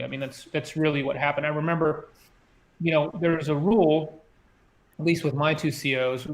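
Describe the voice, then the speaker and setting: His voice is a little high and a bit bright, with a roomy sound around it. The ex-submarine officer chats his way through a story, leaning on "you know" and "like" and restarting many times.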